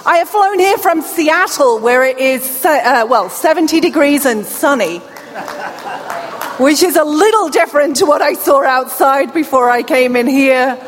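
High-voiced British woman with a deaf accent. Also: normal speed, a faint crowd. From England. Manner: lively, engaging the audience directly. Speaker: keynote speaker. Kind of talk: conference keynote. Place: large conference hall. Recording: reverberant hall with faint ambience.

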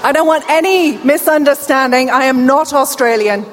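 A middle-aged Englishwoman with a British accent and a slight deaf accent gives a conference keynote in a large event hall, playfully bantering with the audience. Her voice is high-pitched at a normal speed, with background noise, long hall reverb, and faint room ambience.

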